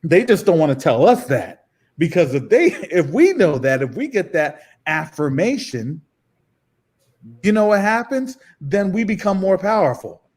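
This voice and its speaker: A man's voice: high voice, very animated, a little slow, a little mellow, husky. A man giving fervent religious commentary, emphatic and preaching, often repeating his phrases for force.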